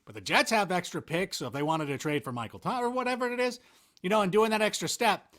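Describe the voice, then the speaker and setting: Animated, rambling man in casual chat. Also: high voice, fast talker. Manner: animated, rambling, self-mocking. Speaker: interview guest, NFL analyst.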